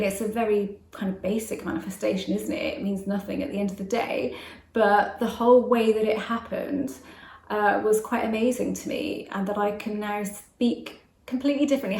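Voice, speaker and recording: Fast-talking English woman in a roomy space. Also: a little high, darkish tone. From West Country, England. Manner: fast-talking, chatty, laughs between phrases. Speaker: manifestation coach. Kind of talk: casual monologue to camera. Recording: roomy echo.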